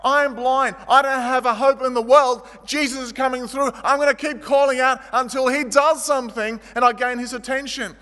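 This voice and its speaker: A man's voice: extremely high pitch, fairly even intonation, normal speed, few pauses, sharp tone, long reverb tail, voice pushed up. A man acting out a desperate blind male beggar who keeps calling out insistently for help.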